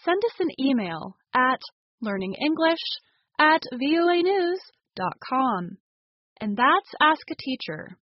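A woman's voice: high voice, sing-song, slow, lo-fi sound. An American woman hosting a language lesson, reading a scripted explanation and carefully modelling pronunciation examples. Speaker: English teacher and show host. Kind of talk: scripted slow teaching narration.

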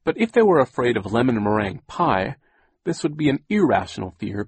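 Gravelly, wry male audiobook narrator. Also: mid-range voice, dry recording. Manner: wry, deadpan, measured storytelling. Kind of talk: scripted narration.

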